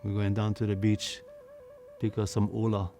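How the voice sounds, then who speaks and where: A man's voice: lowish voice, completely flat delivery, moderate pace, mellow, soft background music, natural voice. A man playing an easygoing island father. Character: cheerful Hawaiian fisherman father.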